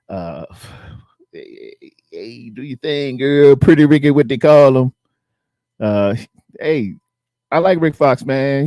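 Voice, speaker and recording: A man's voice: medium pitch, dark tone, no room sound. A middle-aged man, hosting a casual live stream and rambling as he chats with his viewers. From Virginia.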